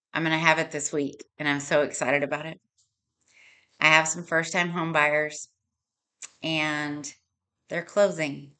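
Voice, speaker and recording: A woman's voice: low-pitched, bright, forceful tone. A woman hosting a podcast, talking earnestly and with feeling, working through numbers aloud and at times tearing up. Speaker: podcast host. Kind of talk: heartfelt podcast monologue.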